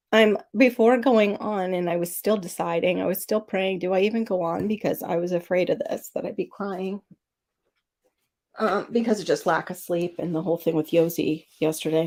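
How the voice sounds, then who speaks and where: Middle-aged woman host, low gravelly voice, casual teary livestream chat. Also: darkish tone. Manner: emotional, tearful storytelling, sniffling. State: teary, sniffling.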